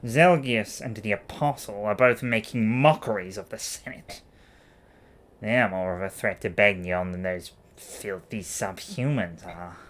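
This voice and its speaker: A man voicing a haughty, scheming noble senator in a posh, drawn-out voice while reading a game aloud. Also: on the low side, sharp tone, full character voice. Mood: scornful. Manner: posh, sneering, drawn-out speech.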